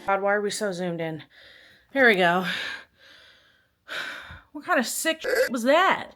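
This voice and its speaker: A woman's voice: medium pitch, big pitch swings, unhurried, fairly bright tone. Young woman vlogger at home, mid-range voice, chatty, self-deprecating, lapel mic, faint music bed. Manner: rambling, self-deprecating, joking. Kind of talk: casual chatty workout vlog. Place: living room at home. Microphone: clip-on mic.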